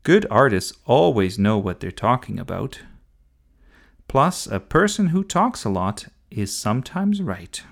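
A man's voice: medium pitch, very animated, unhurried, creaky, heavily acted. A man voicing a bossy, know-it-all young girl in a storybook reading, speaking in a lecturing manner.

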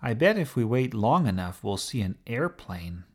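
A man voicing a small, excitable boy in a children's story, with a high, chirpy voice. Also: normal speed. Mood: cheerful. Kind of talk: storybook character voice.

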